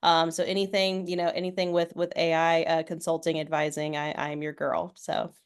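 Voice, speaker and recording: A woman's voice: low-pitched, little pitch movement, normal speed, smooth. A woman who works as an AI consultant, speaking in a confident, businesslike way on a video call.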